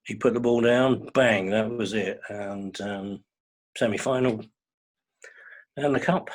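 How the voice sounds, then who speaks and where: An older man chatting as a guest, telling wry, measured stories in a husky voice. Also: fairly low pitch. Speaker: guest fan. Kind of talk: casual chat.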